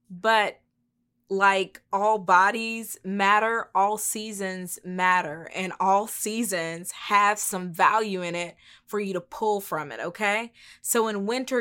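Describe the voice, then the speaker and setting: A woman's voice: on the low side, fairly bright tone. A woman co-hosting a motivational podcast, talking in a casual, encouraging way and repeating key words for emphasis. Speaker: podcast co-host.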